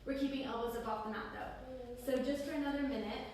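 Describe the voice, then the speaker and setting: A woman leading a yoga class, calmly cueing each pose in time with the breath. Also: sits high, quick pace. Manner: calm breath-paced cueing. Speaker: yoga instructor. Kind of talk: guided yoga class instruction. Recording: roomy echo, distant mic, faint noise.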